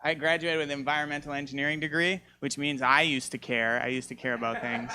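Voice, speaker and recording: Guy doing stand-up, super bright voice, kinda high, rambling self-mocking stories. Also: fairly even intonation, fast talker, a little hiss or hum. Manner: self-mocking, rambling storytelling with loud jumps in pitch. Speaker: stand-up comedian. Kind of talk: stand-up comedy set. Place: comedy show, live audience.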